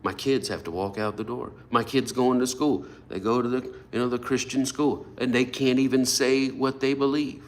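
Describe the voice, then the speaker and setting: A man's voice: medium pitch, fairly even intonation, normal speed, hardly any pauses. A middle-aged man preaching a sermon, talking animatedly and acting out the voices of people he quotes. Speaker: pastor.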